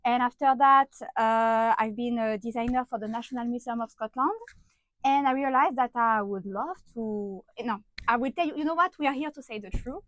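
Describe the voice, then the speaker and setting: A woman's voice: fairly high pitch, moderate pace, a bit bright, no room sound, low-quality recording. A woman with a French accent, chatting as a podcast guest with many filler sounds and restarts. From France. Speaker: podcast guest, event designer. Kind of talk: casual interview chat.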